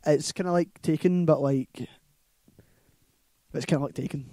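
A Scottish man chatting about films on a casual podcast, his voice a little higher than most men's and mellow rather than bright. He rambles and keeps checking in with "right?". The sound is dry and close. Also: measured pace, no room sound. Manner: rambling, laughing retelling full of "like" and "right?". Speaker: podcast co-host. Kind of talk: casual movie chat.

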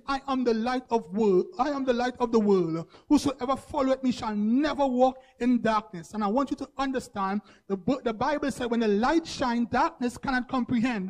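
A male preacher, delivering a sermon in repeated, rhythmic phrases that build to shouts. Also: very high voice. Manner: rhythmic repetition, rising to shouts.

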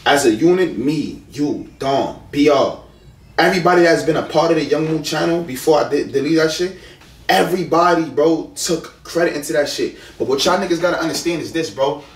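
A man's voice: on the high side, brisk. Heated, rambling young man from the Bronx. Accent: New York. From the Bronx, New York. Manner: heated, rambling, profane, repeats himself. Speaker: YouTube prankster. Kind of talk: heated argument with ex-partner. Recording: roomy sound from a distant hidden camera.

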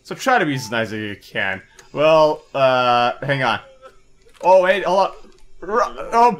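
A man's voice: mid-range voice, sing-song, normal speed, a bit bright. A young man commentating a video game playthrough in a goofy, jokey way, swearing and laughing. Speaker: gaming video host. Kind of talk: let's play commentary.

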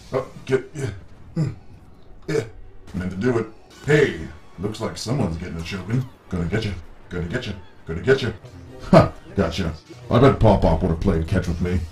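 A man voicing a petulant young male villain who plays a video game, talking in a crude, cocky way and breaking into excited yelling, as a comedic parody voice-over. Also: low voice. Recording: echoey room with faint music.

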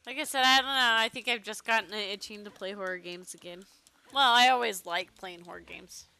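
A young woman chats casually while she plays a game on stream. Her voice is bright and forward, pitched in an ordinary middle range, and she drifts between game remarks and stray thoughts with the odd swear. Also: fairly quick, creaky, clear, resonant tone. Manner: chatty, swears casually, talks to her pet. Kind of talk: casual gameplay chat.

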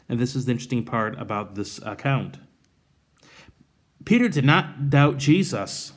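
A man, a pastor, reading scripture and then giving a conversational devotional, retelling the passage with animated paraphrase. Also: mid-range voice, normal speed.

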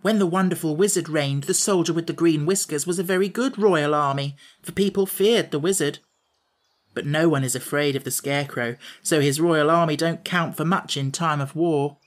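A man's voice: a little high, moderate pace, close to an everyday voice. A man reading an audiobook, voicing a bold and scornful young female rebel general.

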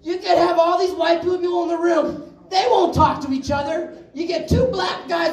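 Very high-pitched man ranting stand-up. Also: steady tone. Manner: profane, shouting, rapid-fire. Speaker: stand-up comedian. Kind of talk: stand-up rant. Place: bar comedy stage. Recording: echoey bar, mic from far off, crowd laughing. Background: audience laughter.

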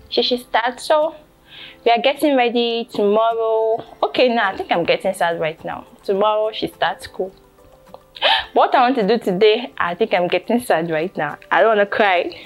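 A young Nigerian woman talking to camera in a casual vlog, chatty, repeating herself and filling with "you know". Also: mid-range voice. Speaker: vlogger and photographer.

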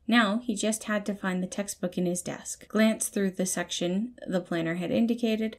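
A woman narrating fan fiction as an audiobook in an even, measured way. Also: lowish voice. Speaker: podfic reader.

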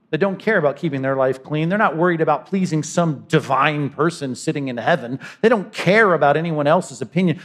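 A man delivers a sermon from the pulpit. His voice sits a little high for a man, and he moves between punchy emphasis and quiet, intimate asides. He often slips into the voices of imagined people. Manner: dynamic preaching, voices imagined speakers, sudden drops to quiet. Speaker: pastor.

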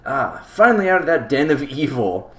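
A man's voice: mid-range voice, lively intonation, unhurried. A man live-streaming a game playthrough, reading the text aloud and joking about it between lines, talking to his chat. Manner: talks to chat. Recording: roomy echo with faint game music. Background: game music.

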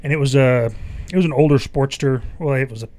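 A man co-hosting a motorcycle podcast, telling a profane story in an animated way. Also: medium pitch, quick pace. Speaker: podcast co-host. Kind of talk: casual storytelling.

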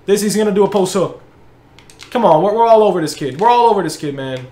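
A young man commentating his own basketball video game match, excitable, hyping his plays and groaning at misses. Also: sits high, fast, reverberant. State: out of breath. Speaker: gaming channel host. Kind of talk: live gameplay commentary.

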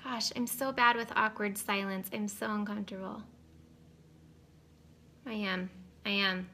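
A woman's voice: mid-range voice, steady tone, a little slow, pushed and bright. A woman in her thirties chatting casually on a live stream, giggly and rambling off on tangents. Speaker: cosmetics seller streaming live. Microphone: webcam or phone on camera.

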